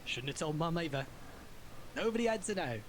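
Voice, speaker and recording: Man doing a guilt-ridden gentleman, clipped and formal, a touch higher than usual. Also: expressive, fairly quick, slight background noise, close to an everyday voice. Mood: bitter, guilty. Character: proud, grieving gentleman gamer, guilt-ridden. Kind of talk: reading a visual novel aloud.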